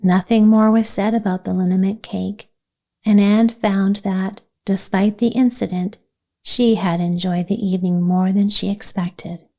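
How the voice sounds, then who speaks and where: A woman narrates a calm sleep story audiobook with a soft, gentle delivery. Her tone is mellow and warm, and her pitch sits in the middle of her range. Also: a little slow.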